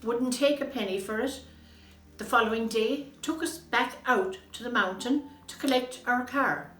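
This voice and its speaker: A woman recounting a personal memory in a steady, plain way. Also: a little high, normal speed. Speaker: interviewee sharing memories. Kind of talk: casual storytelling. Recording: roomy with faint music behind.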